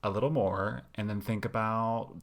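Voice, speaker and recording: Guy cohost ribbing his friend, playful, lots of vocal fry. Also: on the low side, steady tone, moderate pace. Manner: playful teasing. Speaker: podcast co-host. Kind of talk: casual chat.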